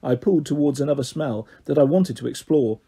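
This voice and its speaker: A man reading a children's story aloud in a lively, expressive way. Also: mid-range voice, fairly quick, husky.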